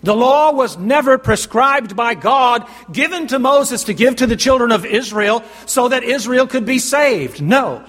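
A man's voice: very high voice, expressive, fairly bright tone. A man preaching a sermon, emphatic, quoting scripture and asking his listeners to call out answers. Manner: emphatic, asks the congregation questions and pauses for answers. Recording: long hall reverb.

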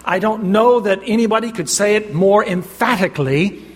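In a hall with long reverb, a preacher with a high, slightly breathy voice quotes scripture emphatically. He poses questions to his listeners and waits for them to shout back responses.

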